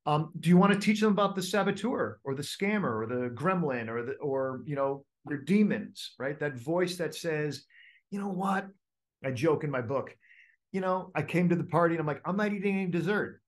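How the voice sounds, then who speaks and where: A man's voice: on the high side, normal speed. A man coaching a group, talking casually with many fillers and restarts and acting out inner voices. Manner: animated, acts out inner voices. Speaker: coach leading a group call. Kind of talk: casual teaching talk.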